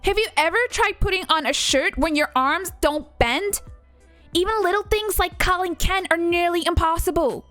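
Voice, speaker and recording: A woman's voice: very high voice, moderate pace, fairly bright tone, faint music behind, pitched above the performer's own voice. A woman voicing a vain, pampered young woman doll with an American accent, bragging in a breezy sing-song monologue. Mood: whiny. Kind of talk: comic character monologue on a live stream.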